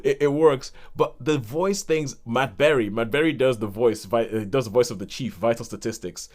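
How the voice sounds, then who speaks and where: A chatty man from Nigeria, co-hosting a casual film podcast. His voice sits at an ordinary middle pitch, and he talks in a lively, easy way with frequent laughter. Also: normal speed. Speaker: podcast co-host. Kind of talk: casual chat about films.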